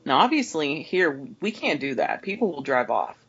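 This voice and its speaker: A woman's voice: very animated, normal speed, a bit bright, breathy edge, highs cut off. A woman, an overnight gas station clerk, telling a rambling, exasperated story about a customer as a podcast guest. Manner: exasperated, rambling with many restarts; raises pitch sharply when mimicking customers. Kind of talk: casual storytelling rant.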